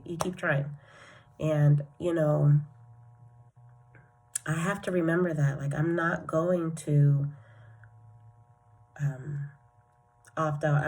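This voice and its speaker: Young woman, low voice, soft and rambling; diary-style vlog, thinking aloud to herself. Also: slight background noise. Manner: rambling, reflective, talks to herself; soft and earnest, often trails off. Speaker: vlogger.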